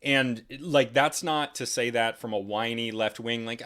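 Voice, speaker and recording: A man hosting a podcast, talking in a rambling, animated way with frequent restarts and digressions. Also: mid-range voice, unhurried. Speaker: podcast host. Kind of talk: casual podcast conversation.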